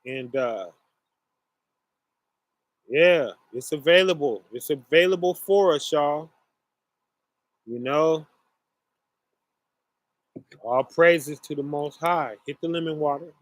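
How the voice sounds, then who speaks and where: Dude rambling slow to his viewers, lots of uh and y'all, dry sound. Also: a little high, no echo. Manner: slow, rambling, many fillers, addresses audience as y'all. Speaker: online show host. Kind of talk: casual monologue to viewers.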